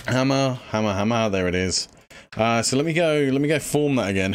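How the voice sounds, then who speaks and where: Breathless man, game streamer, rambling casual chat, mid-pitched. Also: a little fast, clean tone. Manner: rambling, lots of fillers, thinks aloud. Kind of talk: casual gameplay livestream chat.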